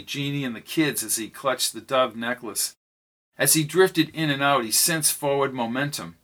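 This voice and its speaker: A man reading a novel aloud as narrator, raising his voice for the characters' lines. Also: sharp tone. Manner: reads dialogue with lifted pitch for characters. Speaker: audiobook narrator.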